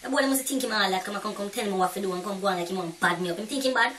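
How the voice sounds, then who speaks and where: A woman playing a brash young Jamaican woman in a comedy sketch, gossiping in loud, sassy patois, recorded from a distance off the mic. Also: mid-range voice, rapid-fire, crowd noise, close to an everyday voice. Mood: gossipy.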